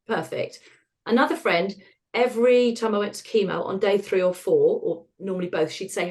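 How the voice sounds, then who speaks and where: A woman's voice: mid-range voice, normal speed. Lady in her 50s, podcast guest, candid, self-deprecating, laughs at the grim stuff. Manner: frank and self-deprecating, laughs at dark moments. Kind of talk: candid conversational storytelling.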